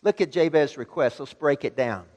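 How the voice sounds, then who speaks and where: Guy preaching in a church, kinda high voice, gets loud and pushy, big echo tail. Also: normal speed. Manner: emphatic, building to loud exhortation. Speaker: pastor. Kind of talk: sermon. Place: church sanctuary. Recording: long church reverb.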